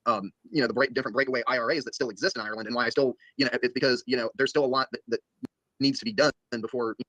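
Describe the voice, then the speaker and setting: Fast-talking man, filler-heavy political rambler, dry close sound. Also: mid-range voice, fairly even intonation, fairly bright tone, dry recording, highs cut off. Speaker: stream co-host discussing politics. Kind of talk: casual political discussion.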